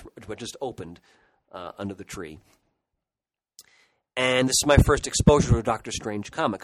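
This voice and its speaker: A man's voice: lowish voice, a little hiss or hum, low-quality recording. A middle-aged man co-hosting a podcast, casually and nostalgically rambling through childhood memories. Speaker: podcast co-host. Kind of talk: casual chat.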